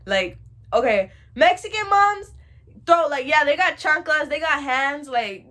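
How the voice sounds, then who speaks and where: A young woman telling a funny childhood story in a casual storytime, animated and dramatic, laughing as she goes. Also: high-pitched, unhurried. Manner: animated and dramatic, shouting and wailing re-enactments.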